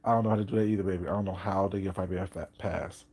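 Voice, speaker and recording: Gravelly-voiced man chatting on a livestream. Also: sits low, steady tone, racing, darkish tone. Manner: chatty, repetitive, laughs often. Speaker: livestream host. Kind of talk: casual live chat while eating.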